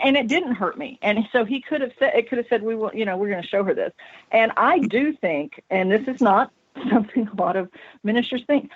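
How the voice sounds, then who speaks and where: A woman who is an author and paranormal researcher, telling a story as a guest on a talk radio show in an animated way. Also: medium pitch, dry recording. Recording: tinny phone line, dry.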